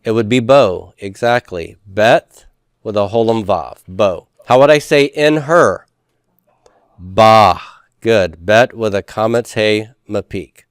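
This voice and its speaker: A man teaches a class at an unhurried pace. His voice is smooth and clear, and the sound is dry, with no room echo. He patiently leads the students through call-and-response practice. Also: fairly low pitch, expressive. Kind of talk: classroom lecture.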